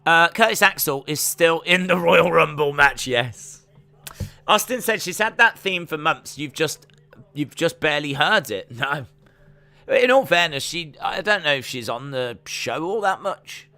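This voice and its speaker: A man hosts a casual live reaction stream, his voice sitting a touch high and sounding smooth and resonant. He rambles from thought to thought, trailing off with fillers as he calls the action. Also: expressive, unhurried, pushed and bright.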